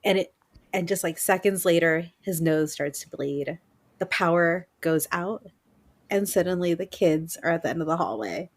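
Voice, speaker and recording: A woman co-hosting a podcast, telling a spooky story in lively casual chat. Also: fairly low pitch, moderate pace. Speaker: podcast co-host.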